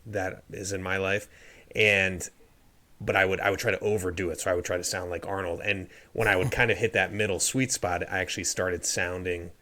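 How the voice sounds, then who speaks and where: Deep-voiced young man, hesitant. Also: fairly even intonation, fairly quick, pushed and bright. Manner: hesitant, many fillers. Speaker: podcast co-host. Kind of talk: casual podcast chat.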